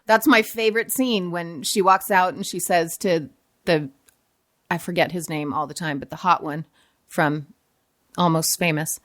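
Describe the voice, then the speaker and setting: A woman's voice: on the low side, steady tone, unhurried, a bit bright. Chatty, self-mocking woman guest. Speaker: podcast guest, former morning TV presenter. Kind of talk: casual chat.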